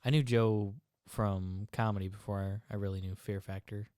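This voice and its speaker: A man's voice: fairly low pitch, steady tone, normal speed, darkish tone, smooth, no echo, studio quality. A man from Michigan with a Michigan accent, chatting casually on a podcast and cracking jokes. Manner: wisecracking, laughs easily. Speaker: podcast co-host. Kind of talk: casual chat. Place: studio.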